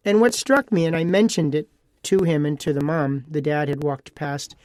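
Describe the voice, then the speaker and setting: A man's voice: on the high side, steady tone, normal speed, darkish tone, no room sound, clean studio sound. A man hosting a casual solo podcast. He talks in a chatty, rambling way, repeating phrases and adding asides. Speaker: podcast host.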